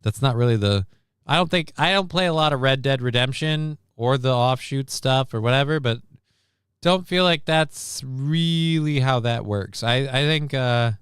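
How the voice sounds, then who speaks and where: A man's voice: medium pitch, animated, unhurried, fairly bright tone, clean tone, dry recording, studio quality. A man hosting a livestream news show in casual chat, rambling, sarcastic and profane.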